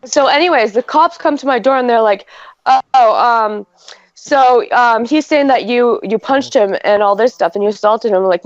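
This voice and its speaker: A woman in her thirties from Canada tells a rambling story on a casual podcast, her voice sitting a little high. She piles on fillers and acts out quoted lines as she goes. The audio is dry and slightly dull, like a lo-fi podcast mic. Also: moderate pace, dry recording. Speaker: podcast co-host. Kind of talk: casual chat.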